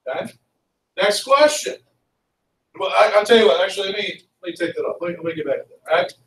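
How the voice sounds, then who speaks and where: A man lecturing a history class with a fairly high voice, constantly checking in with his students. He is recorded from a distance, so the classroom's echo carries his voice. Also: fast talker. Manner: lively, constantly checks in with "okay?" and "right?". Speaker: history teacher. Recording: roomy classroom, mic far off.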